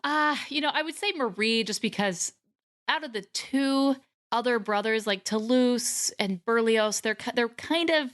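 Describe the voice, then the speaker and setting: An American woman co-hosting a casual podcast chat, animated and quick to laugh. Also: on the high side, dry recording, studio quality. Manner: animated and laughing, quotes characters. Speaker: podcast co-host.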